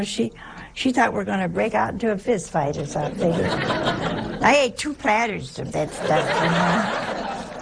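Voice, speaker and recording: A woman's voice: mid-range voice, gravelly, slight background noise, low-quality recording. A woman, a nun, preaching a folksy sermon in a chatty, humorous way, full of rhetorical questions.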